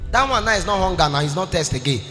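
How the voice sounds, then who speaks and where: A man preaching a sermon, swinging between shouting and a sing-song lilt. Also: high voice, lively intonation, quick pace. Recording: long hall reverb with faint music.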